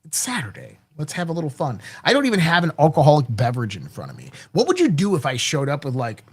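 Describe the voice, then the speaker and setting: A man's voice: fairly high pitch, huge pitch swings, quick pace, breathy edge. A man hosting a casual political commentary show, talking bluntly with crass language and stumbling restarts. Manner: blunt and crass, often curses and repeats words when restarting. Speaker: host of a daily commentary show.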